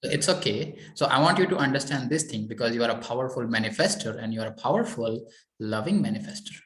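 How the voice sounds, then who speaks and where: A man's voice: mid-range voice, lively intonation, fast, fairly bright tone, reverberant. A man coaching a client on mindset, talking in a repetitive, encouraging way with many "okay"s. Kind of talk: coaching session.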